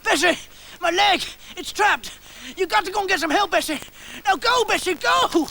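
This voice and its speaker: A frantic, shrieking trapped man begging his dog for help in a children's TV sketch. The voice is squeaky and extremely high, with a gravelly rasp and a sharp, piercing edge. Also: animated, moderate pace, a little hiss or hum, heavily acted. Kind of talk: children's TV comedy acting.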